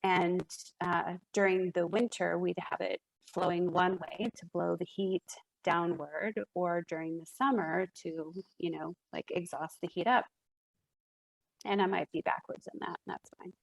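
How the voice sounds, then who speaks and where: A woman's voice: fairly low pitch, steady tone, a little slow, creaky, poor audio. A woman speaking as a guest in a casual podcast conversation, reflective, with frequent fillers and restarts.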